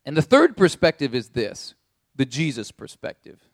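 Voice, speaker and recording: A man's voice: mid-range voice, normal speed, no room sound, studio quality. A man preaching a sermon as a pastor, telling the story vividly and speaking straight to his listeners. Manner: animated storytelling in second person.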